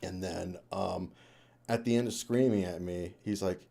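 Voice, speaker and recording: Low, dark-voiced man rambling casually. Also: fairly even intonation, measured pace, gravelly. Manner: rambling, swears a lot, laughs often. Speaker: live streamer. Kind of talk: casual live-stream chat. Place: home room.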